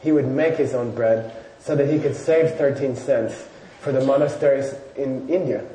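Speaking at a moderate pace in a dark, mid-range voice, a Buddhist teacher tells stories during a casual lecture to a live audience, chatty and full of loose fillers. He's recorded from a distance in an echoey room with faint noise.

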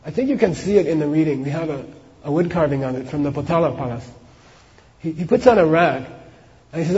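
A man's voice: fairly high pitch, mellow. A man giving a dharma talk, telling a story casually with frequent asides like "you know" and "okay.". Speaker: Buddhist teacher. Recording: dull echoey hall recording.

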